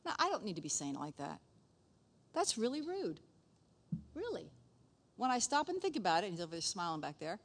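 A middle-aged woman delivers a casual sermon in a conversational way. She talks in an animated manner and checks in with her listeners often. Her voice sits in a middle pitch. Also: fairly quick, long pauses. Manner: chatty, animated, frequent "okay?" asides. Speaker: pastor's wife, speaker.

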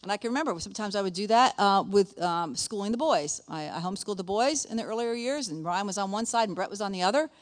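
A woman's voice: mid-range voice, expressive, fast talker, few pauses. Folksy woman teaching at church. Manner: folksy, laughing asides, quotes scripture. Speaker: speaker at a church gathering. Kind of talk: sermon-style teaching.

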